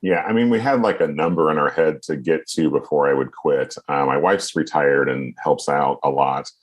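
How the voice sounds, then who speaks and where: Middle-aged male guest, laid-back and humble, very low and husky. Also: moderate pace. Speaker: guest, online guitar teacher. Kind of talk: casual interview chat.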